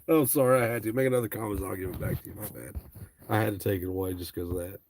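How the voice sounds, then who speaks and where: A man's voice: lowish voice, rapid-fire, vocal fry, a little mellow, slight background noise. A man from Ohio hosting a casual livestream chat with viewers, talking in a blunt, profane, joking way. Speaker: livestream host.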